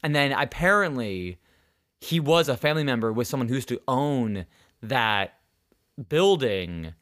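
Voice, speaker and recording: Animated young man telling stories. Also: medium pitch, unhurried. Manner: animated, swearing, acts out quotes. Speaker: podcast host. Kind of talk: casual storytelling chat.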